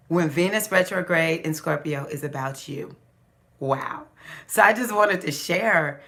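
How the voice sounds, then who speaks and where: Bright, chatty woman telling a story. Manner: animated, laughing, acts out quotes with big pitch jumps; many restarts and fillers, chatty. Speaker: astrology vlogger. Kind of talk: casual storytelling monologue.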